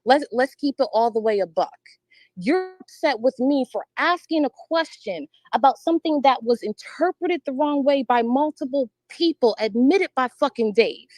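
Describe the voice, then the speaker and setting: A woman's voice: high voice, expressive, moderate pace, a little mellow, no room sound, low-quality recording. A woman arguing heatedly on an online debate panel, combative and profane, insisting on her side. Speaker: panel guest.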